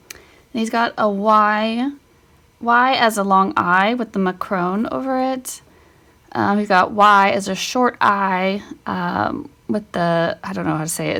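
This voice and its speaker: Slow, chatty woman teaching spelling. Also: mid-range voice, a bit bright. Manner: thinking aloud, self-correcting, chatty asides. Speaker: homeschool teacher. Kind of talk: casual spelling lesson walkthrough.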